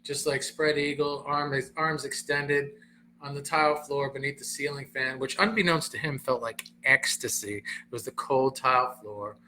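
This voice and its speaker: A middle-aged man, a comedian and host, casually telling a personal story in an animated way, acting out the other people's voices. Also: medium pitch, moderate pace, slight background noise. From Southern Florida. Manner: animated, acts out quoted voices, frequent laughter.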